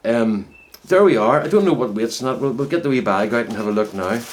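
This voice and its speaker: A man's voice: mid-range voice, lively intonation, a little fast. A middle-aged man rambles to his camera from inside a greenhouse, drifting from one reflective thought to the next in an easy, chatty way. His voice sits in a middling range, and a light background hiss runs under his words. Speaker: home potato grower vlogger. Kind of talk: casual talk to camera.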